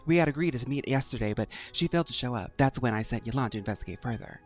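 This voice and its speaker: A man reading lines as a composed woman leader giving a brisk formal briefing. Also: mid-range voice, lively intonation, over music, natural voice. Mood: serious.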